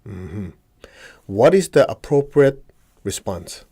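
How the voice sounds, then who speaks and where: A man's voice: lowish voice, sing-song, takes it slowly, vocal fry, mellow, husky. A man teaching a meditation group, explaining ideas step by step, asking the audience questions and acting out inner dialogue. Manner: explanatory, asks the audience questions and answers them; acts out inner dialogue in quotes. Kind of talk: spiritual teaching talk to a group.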